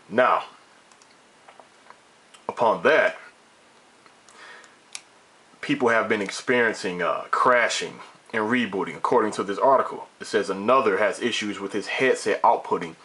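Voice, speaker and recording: A man's voice: fairly low pitch, a bit bright. A man vlogging a casual opinion rant about gaming, emphatic and repetitive, with mild swearing and frequent restarts.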